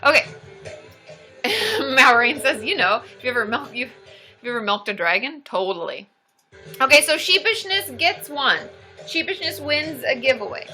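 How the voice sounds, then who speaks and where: A woman hosting a casual live stream, bubbly and excitable, chatting with viewers, often cheering and giggling. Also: high-pitched, moderate pace, soft background music. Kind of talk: casual livestream chat reading viewer comments.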